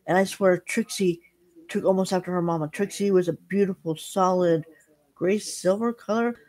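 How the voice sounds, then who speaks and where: A middle-aged woman chatting casually to her viewers, telling a halting, rambling story full of restarts. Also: on the low side, a little mellow. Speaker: vlogger. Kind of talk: casual chat.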